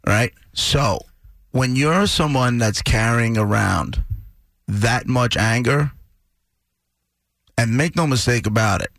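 A man's voice: mid-range voice, slow, vocal fry, long pauses, fairly bright tone, dry recording. A man co-hosting a radio show, blunt and lecturing, confronting a guest in a heated argument. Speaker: radio co-host.

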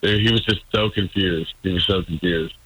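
Calling in to a radio show, a deep-voiced man tells a meandering story, hesitating with lots of ums. He keeps a steady tone at a moderate pace, sounding a bit bright, though the audio is poor and carries slight background noise.

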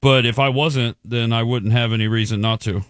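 A man's voice: medium pitch, fairly even intonation, moderate pace, dry recording, studio quality. A man in his thirties co-hosting a radio show, bluntly complaining in crude, mocking terms. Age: 30s. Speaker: radio co-host. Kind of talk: casual radio banter. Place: radio studio.

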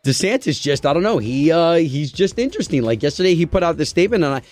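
A man's voice: on the high side, big pitch swings, quick pace, a little mellow, no room sound. A man in his forties co-hosting a morning country radio show, chatting loosely with lots of fillers. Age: 40s. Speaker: radio co-host.

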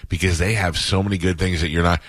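A man's voice: low voice, steady tone, fast talker, fairly bright tone, no room sound. A middle-aged man hosting a radio show, telling rambling stories in casual chat and chuckling at himself. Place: radio studio. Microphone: close studio mic.

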